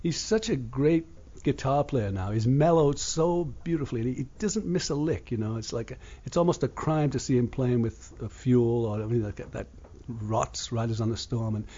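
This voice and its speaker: An older English man with a husky, mid-range, dark-toned voice rambles through his radio show at normal speed, gruff, blunt and freely profane, with no polish. The sound is dull and lo-fi, like old radio.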